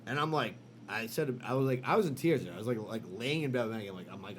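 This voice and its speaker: A man co-hosting a podcast, telling a story in casual, animated chat full of swearing and fillers. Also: medium pitch, fast talker, a crowd in the background. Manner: animated, profane, lots of fillers. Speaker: podcast co-host.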